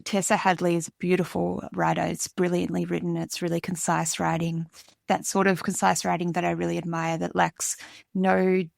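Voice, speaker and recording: Very gravelly, flat-voiced woman podcaster. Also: lowish voice, moderate pace, no room sound, clean studio sound. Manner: earnest, enthusiastic, with filler words. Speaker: podcast co-host. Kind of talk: casual book recommendation.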